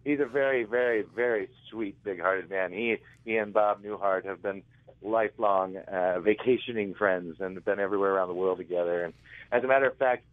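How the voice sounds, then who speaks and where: Low-voiced man on a tinny phone line. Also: a little fast, no echo. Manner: rambling anecdotes with frequent self-corrections. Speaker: interview guest, author. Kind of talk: casual storytelling.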